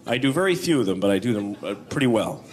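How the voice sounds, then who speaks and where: A man's voice: lowish voice, sing-song, fast talker. A man performing a stand-up set with offbeat observational jokes and impressions. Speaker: stand-up comedian. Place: comedy club stage. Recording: noisy club with loud audience.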